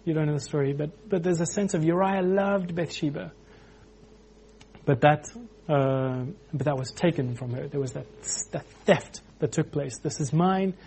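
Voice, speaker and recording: A man preaching an informal sermon, animated, acting out quotes with frequent restarts. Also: on the high side, moderate pace, creaky, slight background noise.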